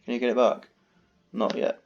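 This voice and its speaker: A gaming video host gives casual commentary on his own card game at a moderate pace, his tone darkish. He mutters, swears and rants in exasperation when annoyed, and the dull lo-fi recording has slight background noise.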